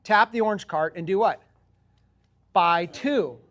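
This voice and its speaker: A man coaching viewers on sales scripts in an office, in an energetic, chatty, salesy way. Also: high voice, measured pace.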